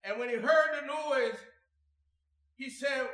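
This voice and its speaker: High bright-voiced man preaching in chanted bursts. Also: slow. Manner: chanting cadence rising into shouted, sung lines. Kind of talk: sermon. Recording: echoey room with faint music.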